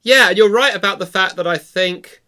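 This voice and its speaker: A man's voice: sits high, moderate pace. A man, an evangelist and writer, telling stories animatedly as a podcast guest. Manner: animated storyteller. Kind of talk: casual conversation about comedy and faith.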